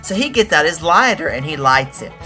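Lady cohost telling dirty jokes, bright punchy voice, kinda low, cracks herself up. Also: brisk, soft background music. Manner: giggly, animated joke-telling. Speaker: co-host. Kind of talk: casual comedy banter, telling dirty jokes.

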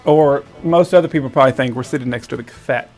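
A man's voice: mid-range voice, fast, over music. A man co-hosting a comedy podcast, telling bad jokes in casual banter and laughing at his own punchlines. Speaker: podcast co-host.

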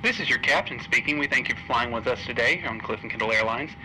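A deadpan airline captain, played by a man, rattling off a sarcastic safety announcement quickly in a sharp, tense voice. Faint noise hums under it. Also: medium pitch, poor audio. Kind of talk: comedy ad skit.

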